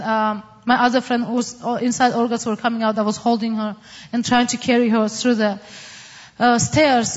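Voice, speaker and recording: A woman from the Middle East telling her personal testimony in an earnest, halting way, with frequent fillers. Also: a little high, long reverb tail, dull audio. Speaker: testimony speaker.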